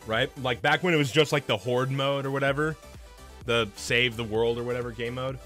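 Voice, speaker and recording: A man streaming a game, chatting casually and rambling through animated stories with lots of restarts. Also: mid-range voice, brisk, soft background music. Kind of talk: casual chat while gaming.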